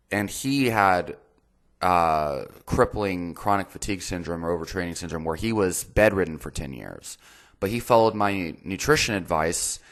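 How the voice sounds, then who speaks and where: A man with a very low voice, talking casually as the host of a fitness and nutrition channel. He is blunt and openly exasperated, and he swears freely as he picks apart a viewer's message. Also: a bit bright.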